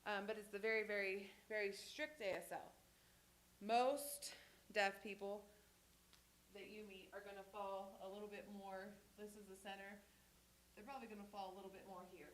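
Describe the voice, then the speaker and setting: A woman's voice: medium pitch, steady tone, normal speed, slight background noise. A woman teaching a sign language class in a church classroom, talking casually with many fillers and restarts.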